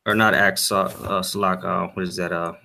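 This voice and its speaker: A man giving an informal Bible lesson, halting with many fillers and "all right?" tags, and reading verses aloud in old-fashioned wording. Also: sits low, little pitch movement, creaky, sharp tone. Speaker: Bible teacher. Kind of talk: informal scripture teaching.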